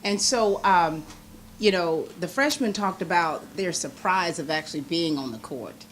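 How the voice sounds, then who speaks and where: A woman's voice: on the low side, animated, a little slow, slight background noise. A chatty woman hosting a local TV interview, laughing often. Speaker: host.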